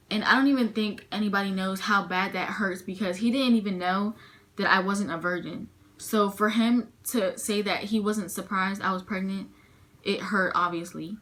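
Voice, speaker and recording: A young woman tells a personal story straight to her camera, quoting herself and others as she goes. Her voice has a bright edge and sits at an ordinary pitch for a woman. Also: steady tone, moderate pace. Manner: emotional retelling, frequent "I'm like" quotes. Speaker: vlogger.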